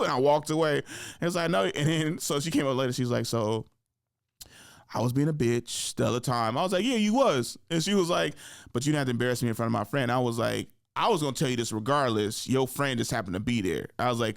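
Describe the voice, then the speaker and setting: A young man hosting a podcast, telling stories in casual chat, laughing often and doing high voices for the people he quotes. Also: fast, creaky, no echo, clean studio sound. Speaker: podcast host.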